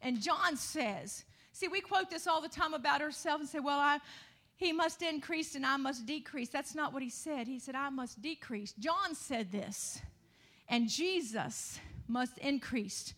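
A woman preaching a sermon, moving from conversational asides to the congregation into loud, rising emphasis with calls of hallelujah. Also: high-pitched, measured pace.

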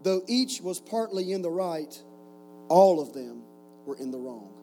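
A man's voice: a little high, expressive, unhurried, music in the background, rough recording. A man in his forties preaching to a camp group, telling stories with jokes and rhetorical questions. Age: 40s. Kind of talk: sermon with stories.

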